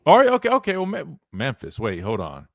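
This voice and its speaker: A man's voice: medium pitch, brisk, vocal fry, dry recording, studio quality. A young man hosting a live sports radio show, chatting casually and rambling with lots of restarts. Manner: rambling, animated, lots of restarts and "wait, hold on". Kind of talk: casual talk radio chat.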